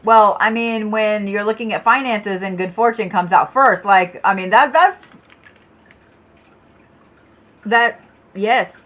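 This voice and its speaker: Her voice is medium-pitched, slightly bright and a little slow: a woman giving a live tarot reading while yawning and tired. She talks bluntly and casually to her viewers, with plenty of swearing, fillers and restarts.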